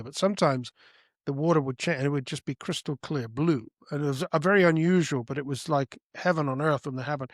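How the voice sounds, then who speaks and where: A man in his fifties tells his story as a podcast guest, with emphasis that keeps rising and falling. His voice sits a little high for a man. The sound is dry and close. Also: no room sound. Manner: emphatic, breaks into high loud voices when quoting.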